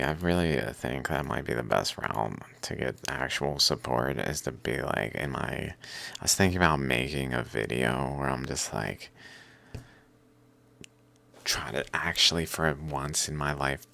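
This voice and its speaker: A man's voice: extremely low pitch, gravelly, sharp tone. A man talking to himself in a loose, rambling monologue, swearing and laughing now and then. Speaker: vlogger.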